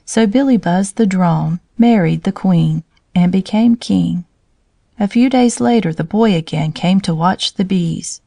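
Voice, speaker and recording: A woman narrating a children's storybook aloud in a gentle, even way. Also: lowish voice, a little slow, vocal fry, dry recording, studio quality.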